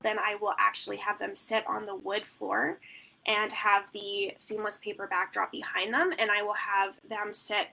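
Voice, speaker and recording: Bright, gravelly-voiced chatty woman teaching. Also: mid-range voice, rough recording. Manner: chatty, rambling, lots of "like" and "um". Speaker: newborn photographer. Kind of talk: live Q&A teaching.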